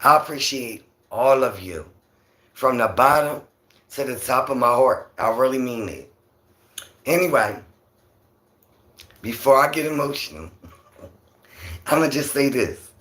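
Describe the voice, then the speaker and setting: A man with a raspy voice hosting a casual livestream, talking softly and rambling with many fillers. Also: mid-range voice, animated, measured pace, long pauses, reverberant. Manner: talks softly, near a whisper. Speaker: livestream host.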